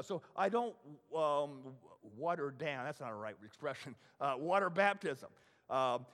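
Male pastor with a high voice, emphatic conversational sermon, big hall echo. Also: fairly bright tone. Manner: emphatic and conversational, asking the audience rhetorical questions. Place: church sanctuary. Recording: long reverb of a large hall.

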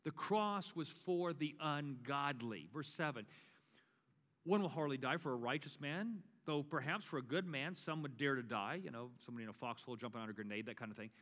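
A man's voice: mid-range voice, brisk, a bit bright. A male pastor giving a sermon and leading communion. He builds to emphatic preaching and repeats his key phrases. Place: church sanctuary. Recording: long reverb of a large church.

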